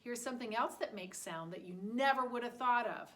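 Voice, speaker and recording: A woman's voice: fairly high pitch, a little fast, a bit bright. A woman teaching a listening lesson to preschool children, talking in an exaggerated, sing-song way.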